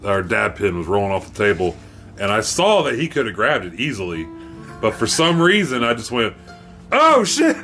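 A man with a mid-pitched voice that rises and falls a lot as he tells crude stories in casual chat. Faint music runs behind him. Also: fairly quick. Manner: animated, profane storyteller. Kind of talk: casual storytelling.

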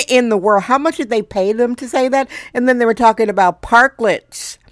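A woman's voice: fairly high pitch, normal speed, no room sound, clean studio sound. A middle-aged woman hosting a daily solo podcast, ranting sarcastically. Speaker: podcast host.

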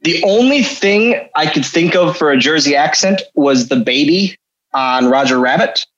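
A man's voice: on the high side, animated, normal speed, a bit bright, lo-fi sound. Self-deprecating male podcast guest. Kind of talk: casual storytelling.

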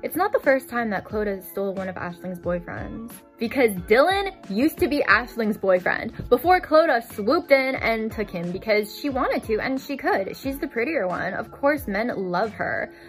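A woman's voice: a little high, very animated, normal speed, hardly any pauses. Casual woman vlogger, chatty storytime recap, lots of "like", desk mic, faint music behind. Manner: chatty, fills with "like". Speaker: book vlogger. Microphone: desk microphone.

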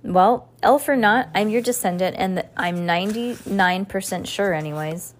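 A woman's voice: medium pitch, normal speed, a little hiss or hum, close to an everyday voice. A woman reads the part of a bold young girl from the future. She speaks firmly and bluntly, exasperated with anyone who rambles. It sounds like a storybook read aloud to listeners. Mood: firm, urgent. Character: bold, impatient young girl time traveler.

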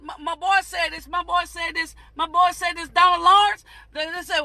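A preacher delivering a mock sermon, shouting in a rhythmic, repetitive cadence and breaking into whooping cries. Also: very high-pitched, little pitch movement, moderate pace, gravelly, no echo.

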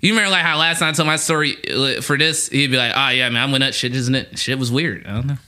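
A comedian co-hosting a podcast, telling profane stage stories in casual banter, quoting people and laughing a lot. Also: male voice, medium pitch, steady tone, fast talker, sharp tone. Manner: profane, storytelling with quoted voices, laughs a lot.

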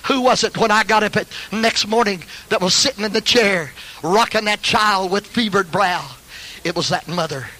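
An older man preaching a sermon as pastor, fervent, breaking into hallelujahs and shouted peaks. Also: high-pitched, normal speed, poor audio.

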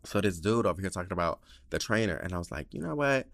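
A man hosting a casual solo podcast, telling stories in a sassy, profane way, with big jumps in pitch and loudness. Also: fast talker, no room sound. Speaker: podcast host. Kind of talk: casual monologue.

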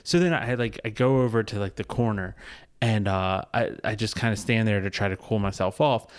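A man's voice: on the low side, brisk, clear, resonant tone. A man telling a rambling, profane bar story in casual podcast chat, laughing often.

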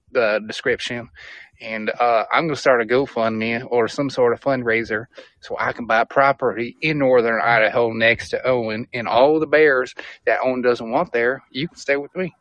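A man's voice: medium pitch, fairly even intonation, normal speed, a bit bright, no echo, dull audio, natural voice. A man playing a crude, boastful male survivalist vlogger in a comedic impression video, rambling and profane.

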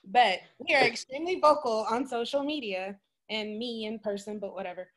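A woman's voice: fairly high pitch, moderate pace. A woman, a podcast panelist, asking questions in chatty, teasing casual talk. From Texas. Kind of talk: casual interview chat.

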